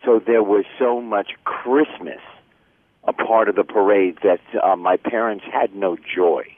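A man's voice: lowish voice, steady tone, measured pace, no room sound. Older man joking down a phone line. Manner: chatty, jokey storyteller. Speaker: guest. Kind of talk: casual chat.

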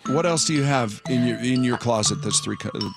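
A man's voice: mid-range voice, fairly quick, vocal fry, music in the background. A man hosting a morning radio show, chatting casually and rambling with repeated words.

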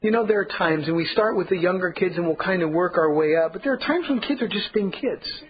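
A man's voice: high-pitched, lively intonation, fairly quick, highs cut off, noisy background. Earnest male pastor preaching. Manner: earnest preaching with emphatic repetition. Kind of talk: sermon.

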